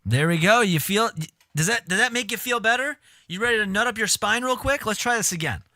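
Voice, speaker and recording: A man's voice: high-pitched, animated, fairly quick, noisy background. A man hosting a live stream, giving casual, crude, joking commentary with laughing asides.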